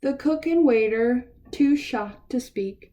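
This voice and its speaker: A woman in her thirties reads a rhyming picture book aloud, expressive and unhurried. Her voice is mellow and soft, sitting a bit above the usual pitch. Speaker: children's book reader.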